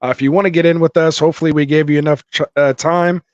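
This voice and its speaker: Man, live-stream host, slightly high voice, casual chat, excitable, lo-fi dry mic. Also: fast talker, clean tone, no room sound. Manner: excitable, reads viewer comments aloud, many fillers. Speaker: fantasy football stream host.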